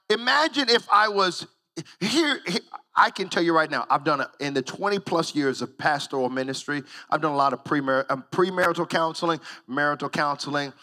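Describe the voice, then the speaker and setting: Bright, high-voiced male pastor preaching. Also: long reverb tail. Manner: preaching, builds to shouted praise. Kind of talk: sermon.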